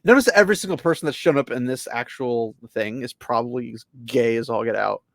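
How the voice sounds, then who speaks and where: A man co-hosting a casual trailer reaction, sarcastic and animated, laughing often. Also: mid-range voice, fast talker, creaky, no room sound, faint music behind.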